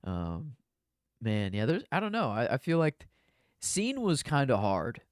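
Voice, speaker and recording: A man co-hosting a podcast in a relaxed, rambling chat, often circling back with "you know". His voice is smooth and clear. The sound is dry and close, with no room around it. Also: mid-range voice, unhurried, no echo. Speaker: podcast co-host. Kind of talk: casual movie discussion.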